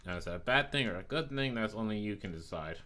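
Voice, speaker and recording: A man's voice: lowish voice, expressive, fast talker, pushed and bright. A male streamer chatting casually while he plays, teasing his chat playfully and swearing freely.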